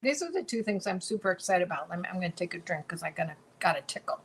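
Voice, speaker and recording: A woman's voice: on the low side, animated, racing, slight background noise, poor audio. Bubbly woman demonstrating crafts. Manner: bubbly and chatty, repeats phrases. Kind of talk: casual craft tutorial.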